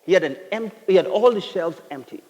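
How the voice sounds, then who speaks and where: Kenyan male speaker, playful comic storyteller, animated pitch, reverberant hall. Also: brisk. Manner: comic storytelling, teasing the audience. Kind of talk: humorous motivational talk. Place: event hall with a live audience. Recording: reverberant hall, faint noise.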